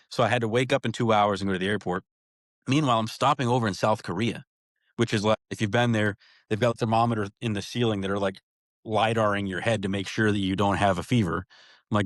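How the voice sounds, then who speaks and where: A man talking as a podcast guest, telling stories in a casual, animated way full of slang like "bro" and "dude". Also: on the low side, brisk, no room sound, clean studio sound. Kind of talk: casual storytelling chat.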